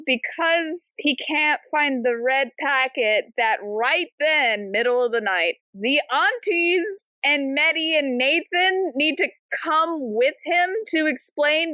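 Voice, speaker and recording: A woman's voice: high voice, animated, slow, few pauses, bright, forceful tone, no room sound. A woman co-hosting a book club podcast, chatting casually and animatedly about a novel, often acting out characters' lines.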